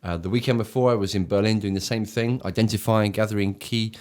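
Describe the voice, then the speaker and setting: A man's voice: on the low side, fairly even intonation, fast talker, a little mellow. An English church leader co-hosting a casual talk show, speaking enthusiastically and often restarting his sentences. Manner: enthusiastic, searching for words with frequent restarts.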